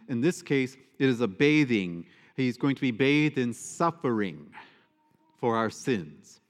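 A man, a priest, giving a conversational homily to his congregation, with fillers and asides. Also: medium pitch. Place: church. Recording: long church reverb.

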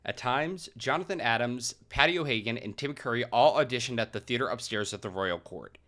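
A man's voice: medium pitch, brisk, bright, forceful tone. Give me a male podcast co-host reading narration steadily.

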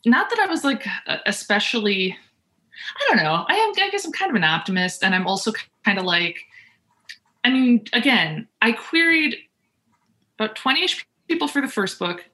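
A woman's voice: fairly high pitch, sing-song, moderate pace, bright, forceful tone. A woman, a writer on a panel, chatting over a video call and laughing often as she talks. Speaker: panel guest, author. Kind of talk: casual panel conversation.

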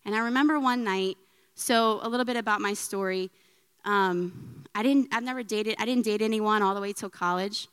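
A woman in her thirties giving a personal faith talk to an audience, chatty and animated, often adding "right?". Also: medium pitch, unhurried, pauses often, smooth. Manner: chatty, frequent "right?" tags, laughs often. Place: church hall with audience. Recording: long reverb in a hall.

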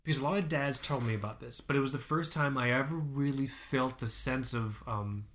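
A young man co-hosting a podcast, telling a personal story in casual chat, animated, laughing often and swearing. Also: mid-range voice, a little fast. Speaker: podcast co-host.

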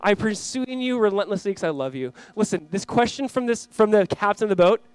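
Fast, impassioned high-voiced male pastor. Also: animated, clean tone, no echo. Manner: impassioned, voice rising and dropping sharply; acts out quoted voices in casual speech. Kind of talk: sermon.

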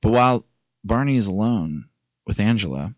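Low-voiced man rambling through a movie recap. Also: lively intonation, normal speed, no echo. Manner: rambling, swearing, quoting characters in retellings. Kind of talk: casual movie recap chat. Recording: dull, dry lo-fi recording.

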